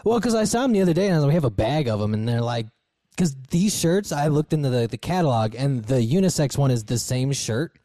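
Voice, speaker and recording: A man's voice: medium pitch, big pitch swings, brisk, warm tone, dry recording. A man co-hosting a casual chat, cracking jokes and rambling in loose asides. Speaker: podcast co-host.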